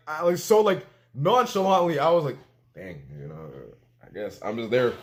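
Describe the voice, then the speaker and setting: A young man recounts a story for a vlog in a casual, slangy way. His voice swings widely in pitch as he acts out what others said, piling up repeated fillers as he goes. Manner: animated, excitable storytelling with quoted dialogue.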